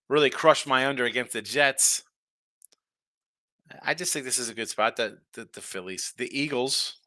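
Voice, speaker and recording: A man hosting a sports betting show, chatting casually and reacting to viewer comments in a lively, tired-but-animated way. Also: medium pitch, no room sound, studio quality. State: tired, yawning. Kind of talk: casual betting talk reading chat.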